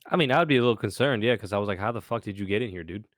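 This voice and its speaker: Young male podcast co-host, low-pitched, lively sweary storyteller, dry recording. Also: racing, no echo. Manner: animated storytelling, swears often. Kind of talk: casual chat.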